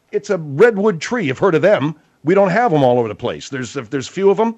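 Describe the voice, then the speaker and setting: A man's voice: a little high, sing-song, fairly quick, hardly any pauses, a little mellow, highs cut off. Blustery, exasperated radio host man. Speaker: radio talk show host. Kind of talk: comedic radio talk.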